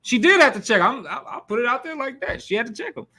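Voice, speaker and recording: Higher-pitched guy teaching bible class, loose and slangy, acts out the lines. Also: fast talker. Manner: animated, slangy, acts out quotes.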